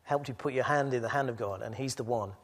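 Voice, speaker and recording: Speaking fast in a medium pitch, a man preaches straight to a church assembly. He starts out gentle and contemplative before rising into loud, forceful encouragement of his listeners.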